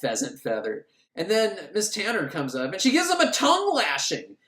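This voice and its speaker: Man, comedic film recap, crude, sarcastic, lively pitch, roomy echo. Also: normal speed. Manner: crude, sarcastic, acts out characters in shrill voices. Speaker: podcast host recapping a film. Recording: echoey room.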